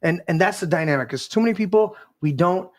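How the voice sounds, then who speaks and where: A man's voice: high voice, fast talker. A male podcast host giving an impassioned, preachy rant on a live show. He swears freely and acts out quoted voices.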